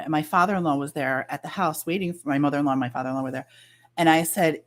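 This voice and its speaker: Woman, lower pitch, casual storytelling, animated, quotes dialogue. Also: racing. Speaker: guest.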